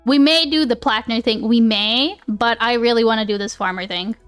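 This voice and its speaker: A woman's voice: a little high, a little fast, a bit bright, clear, resonant tone, soft background music. A woman live streamer chatting casually with her viewers. She rambles, restarts often, laughs a lot and swears freely.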